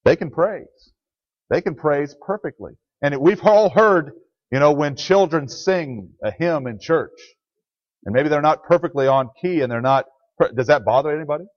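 A man's voice: a little high, animated, moderate pace, no room sound. A man preaching a conversational sermon as a pastor in a church, speaking plainly and answering the questions he puts to the congregation. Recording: dry, dull lo-fi sound.

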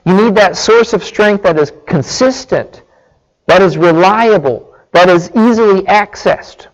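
Slow, high-voiced male preacher. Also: highs cut off. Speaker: pastor. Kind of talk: sermon.

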